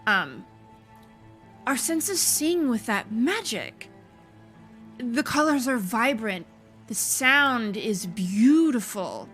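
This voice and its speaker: A woman hosting a gaming video, giving casual let's play commentary with quick, excitable exclamations. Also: a little high, faint music behind.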